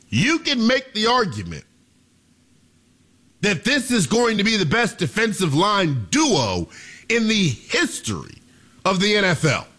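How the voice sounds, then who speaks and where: Animated, high-pitched sports radio host. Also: male voice. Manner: preachy, theatrical, addresses listeners as ladies and gentlemen. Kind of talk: animated sports talk monologue.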